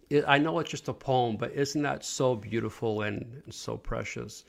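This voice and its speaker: A man's voice: medium pitch, moderate pace, vocal fry, few pauses. A man giving an informal online sermon, speaking earnestly and putting questions to his listeners. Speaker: preacher.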